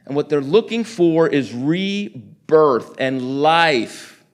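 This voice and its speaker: A middle-aged man from New York City giving a storytelling sermon, acting out conversations in quick animated bursts. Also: on the high side. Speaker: guest preacher.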